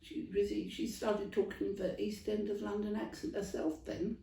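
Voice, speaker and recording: Male actor as a gabby old Dublin stall lady, smoker's rasp, dark tone, distant roomy mic. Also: sits high, level tone, normal speed. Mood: gossipy. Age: older. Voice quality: gravelly, coughing heavy smoker. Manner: rambling, stumbling storyteller with many restarts. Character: elderly Dublin woman market stall trader, chatty, rambling. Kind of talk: comic character monologue.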